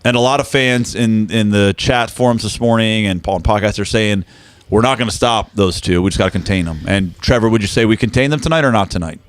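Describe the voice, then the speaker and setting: A man's voice: fairly low pitch, a little fast, clean tone, dry recording. A man co-hosting a live hockey watch-along in a studio, chatty and jokey as he reads out stats. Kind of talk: casual live chat. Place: team studio.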